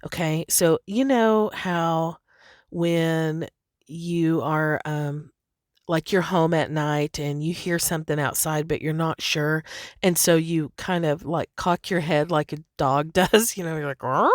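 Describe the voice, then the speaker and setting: A woman's voice: low-pitched, fairly even intonation, slow pace, no room sound, clean studio sound. A woman hosting a podcast, talking in a casual, chatty monologue. She laughs often and fills her talk with "you know" and "like". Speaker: podcast host.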